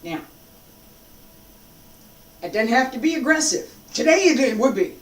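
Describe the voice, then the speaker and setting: An instructor speaks slowly and emphatically about determination, with a lively pitch that rises and falls. Phrases get repeated for force. The mic sits far back, so the voice sounds distant and roomy. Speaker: martial arts instructor. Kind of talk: unscripted teaching talk.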